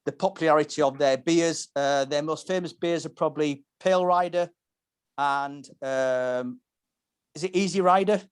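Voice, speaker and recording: A man's voice: a little high, moderate pace, smooth. Rambling male pub-podcast host. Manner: rambling, descriptive storytelling with frequent restarts. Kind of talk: casual pub-talk podcast.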